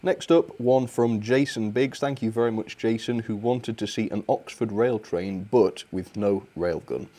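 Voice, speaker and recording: Chatty man, lowish voice. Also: measured pace, hardly any pauses, mellow. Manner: chatty, cheerful, frequent fillers and small laughs. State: a bit out of breath. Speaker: host of a model railway live stream. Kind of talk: live stream chat, thanking viewers.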